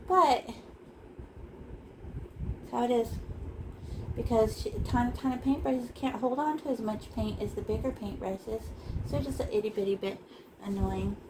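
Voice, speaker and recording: A woman's voice: fairly high pitch, noisy background. A woman teaching a casual painting lesson, playful and chatty, tossing in silly sound effects as she works in a small art room.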